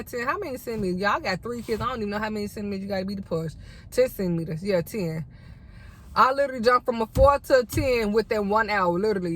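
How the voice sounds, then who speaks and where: A woman's voice: medium pitch, a little hiss or hum. Chatty young woman telling a story. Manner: chatty, addresses viewers as y'all. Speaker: vlogger. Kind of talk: storytime mukbang chat.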